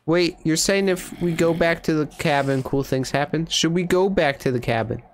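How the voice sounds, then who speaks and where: A streamer playing a horror game with a friend, excitable and jokey in casual chat. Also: medium pitch, normal speed. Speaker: gaming streamer. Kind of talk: casual gaming livestream chat.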